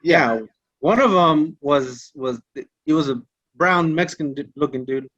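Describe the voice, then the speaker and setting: A man's voice: on the high side, unhurried, a bit bright, dry recording, lo-fi sound. A man in casual podcast chat, cracking jokes and adding to a friend's army story. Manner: joking, interjects wisecracks. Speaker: podcast guest, former soldier.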